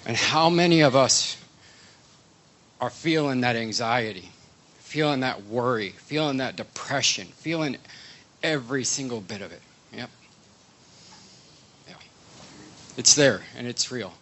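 A man's voice: medium pitch, animated, unhurried, pauses often, fairly bright tone, poor audio. A man giving a sermon in a conversational way, asking the congregation questions. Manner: conversational, asks the room questions. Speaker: guest preacher.

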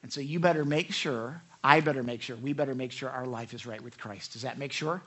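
A man preaching a sermon, reading scripture emphatically with quick asides. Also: mid-range voice, fairly bright tone, breathy edge. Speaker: pastor.

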